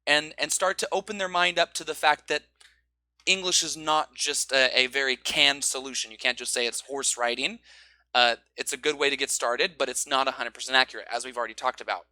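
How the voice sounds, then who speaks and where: A man teaching English pronunciation, explaining stress and rhythm and drawing out example phrases slowly. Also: medium pitch, fairly even intonation, pushed and bright, dry recording.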